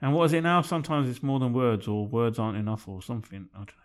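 A man co-hosting a casual car chat, reacting quickly with disbelief and giving blunt opinions. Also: medium pitch, steady tone. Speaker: car podcast co-host.

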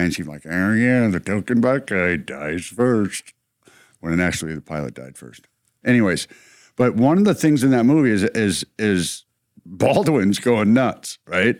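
A man's voice: sits low, no echo, studio quality. A man co-hosting a casual talk show, telling a rambling movie story and acting out its lines. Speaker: co-host. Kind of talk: casual chat.

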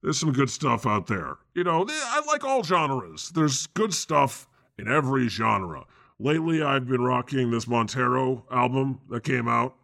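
A man playing God as a laid-back, slangy deity with a deadpan delivery in an improvised comedy interview. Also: mid-range voice, a little slow, creaky, heavily acted. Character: God, a casual jaded male deity.

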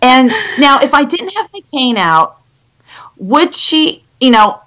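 A middle-aged woman, a guest in a conversation, telling stories in an animated, rambling way with many restarts. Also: high voice, slow, rough recording. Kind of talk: conversational storytelling.

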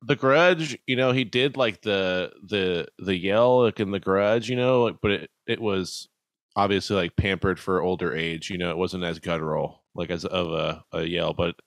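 A man's voice: sits low, moderate pace, dry recording. A young man co-hosting a casual chat, telling a rambling story with laughs and frequent swearing.

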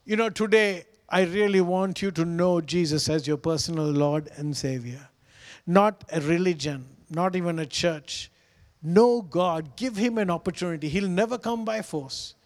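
A man's voice: a little high, normal speed, in a large hall. A man preaching a sermon as pastor, earnest and pleading, repeating phrases for emphasis.

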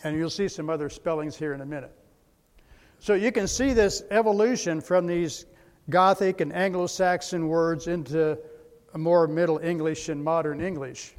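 A man's voice: on the high side, steady tone, normal speed. A man giving a slide presentation lecture, methodical, spelling out words letter by letter. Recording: long hall reverb.

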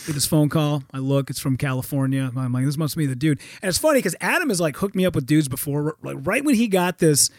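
Male storyteller, high and very lively pitch, casual and profane, dry close recording. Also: fast, hardly any pauses, dry recording. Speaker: guest.

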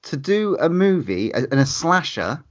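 A man's voice: a little high, very animated, normal speed, dull audio. A man around forty co-hosting a casual podcast, swearing freely and gushing about horror film news. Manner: swears freely, laughs often, enthusiastic. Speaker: podcast co-host.

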